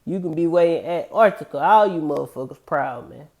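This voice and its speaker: A man teaching from scripture in a casual, street-level way. He drags out the verses slowly, then slips into quick, profane asides full of slang. He keeps tagging his lines with a loose "man.". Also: on the high side, expressive, gravelly. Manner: addresses listeners with a repeated "man". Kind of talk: casual scripture reading and commentary.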